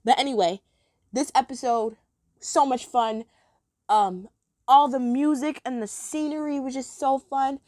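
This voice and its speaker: A woman's voice: high-pitched, a little slow, darkish tone, no echo, studio quality. A woman chatting casually as she ranks cartoon episodes, gushing and giggly. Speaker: episode ranking vlogger. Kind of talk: casual chat.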